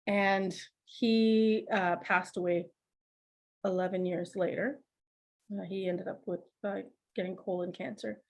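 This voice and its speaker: A middle-aged woman, a podcast guest telling family stories in a lively, laughing, conversational way. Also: mid-range voice, measured pace, creaky. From Canada. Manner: laughs often, animated anecdotes with acted quotes. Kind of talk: conversational storytelling.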